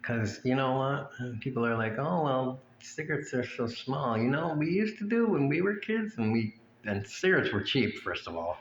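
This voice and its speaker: A man's voice: medium pitch, very animated, normal speed, hardly any pauses, highs cut off, slight background noise. A man ranting in a blunt, crude and mocking way. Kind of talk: profane rant to camera. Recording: echoey room with faint ambience.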